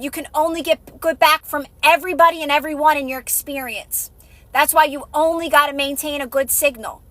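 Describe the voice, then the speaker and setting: A woman's voice: high-pitched, fairly bright tone, no echo. A woman with children giving a motivational talk on a live stream, emphatic and repetitive, acting out little scenes as she goes. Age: adult with kids. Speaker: manifestation coach.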